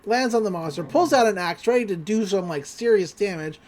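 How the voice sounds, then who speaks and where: A chatty woman retelling a cartoon episode on a podcast, full of "like" and "uh". Her pitch is lively and expressive, swinging up and down as she narrates. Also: brisk. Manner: chatty, animated, filler-heavy. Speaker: podcast host. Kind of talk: casual episode recap.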